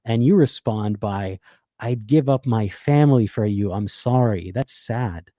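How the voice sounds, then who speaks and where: In an unhurried, mellow voice on the low side, a male YouTube commentator gives blunt, sarcastic reactions, swearing freely and reworking phrases as he thinks aloud. The studio sound is clean, with no room sound.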